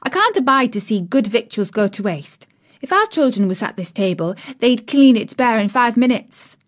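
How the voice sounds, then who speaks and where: A woman's voice: fairly high pitch, lively intonation, moderate pace, voice pushed up. A woman voicing a cheerful, chatty young serving girl, homely and outspoken. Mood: incredulous.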